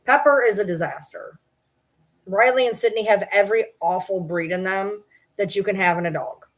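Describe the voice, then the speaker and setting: A woman's voice: mid-range voice, normal speed. A woman vlogging in casual chat to camera, profane and rambling, breaking off to talk to her dogs.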